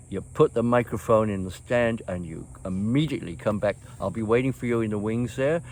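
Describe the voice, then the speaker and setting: A man's voice: lowish voice, a little mellow, a little hiss or hum. Older man rambling through old stories. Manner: rambling, chuckles often, many fillers and restarts. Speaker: host. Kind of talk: casual reminiscing storytelling.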